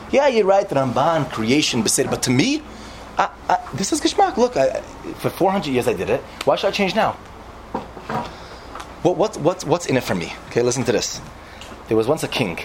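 A man delivers an informal sermon to listeners, telling a parable with lively, animated storytelling. He mixes Hebrew and Yiddish words into casual speech. A faint hiss sits under the recording. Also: a little high, moderate pace. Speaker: yeshiva speaker.

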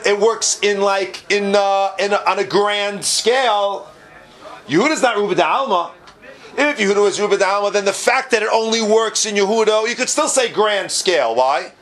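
A man teaching a Talmud class, asking and answering his own questions in an animated way, with many Hebrew and Aramaic terms. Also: high voice.

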